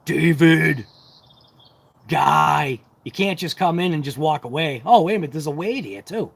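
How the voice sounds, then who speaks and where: A man's voice: fairly high pitch, expressive, normal speed, creaky. A man hosting a casual hobby livestream, chatting to viewers in a rambling, talkative, self-deprecating way. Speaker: RC hobby channel host.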